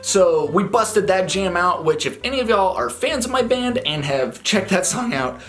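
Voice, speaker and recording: A man's voice: sits high, normal speed. A man who sings and plays guitar in a touring band, telling a story to camera in casual, slangy talk and laughing as he goes. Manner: animated, laid-back slang, laughs while telling.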